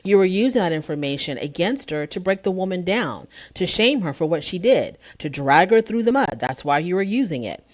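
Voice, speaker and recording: A woman recaps a reality show episode in a loose, chatty way, full of her own opinions. Her voice sits a little low for a woman. She slips into quick impressions of what the cast members said. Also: very animated.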